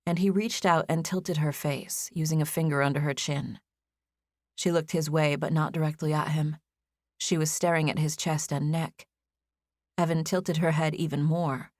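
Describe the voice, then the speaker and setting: A woman narrating a romance audiobook in an even, measured storytelling manner on a close studio mic. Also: sits low, dry recording. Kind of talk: scripted narration.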